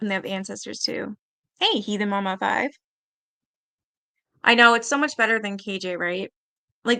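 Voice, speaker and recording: A woman hosting a live-stream panel, chatting casually and reading viewer comments aloud with quick asides. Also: mid-range voice, gravelly. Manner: chatty, animated, quick asides and little laughs.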